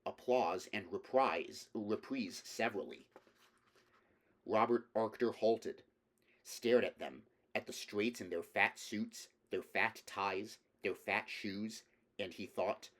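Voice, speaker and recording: A man reading a novel aloud as an audiobook in a steady, even storytelling manner. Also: fairly low pitch, slow. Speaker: audiobook reader. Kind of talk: audiobook narration.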